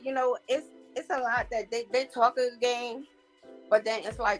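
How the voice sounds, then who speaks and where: A woman's voice: a little high, fairly even intonation, normal speed, faint music behind. A woman, a talk-show guest speaking frankly and bluntly in casual chat. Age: 40s.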